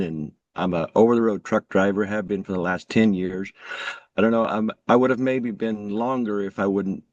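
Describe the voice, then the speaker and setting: A man raised in an Amish community introducing himself on a group call, halting and sincere, with many restarts. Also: sits low, darkish tone, no room sound, lo-fi sound. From Amish community, USA. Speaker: truck driver and coach, participant.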